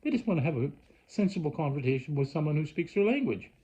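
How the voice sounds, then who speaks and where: A man's voice: fairly high pitch, very animated, fast talker, dark tone, husky. A man from Canada, ranting in a rambling, worked-up way with lots of restarts. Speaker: vlogger. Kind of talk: rambling casual rant.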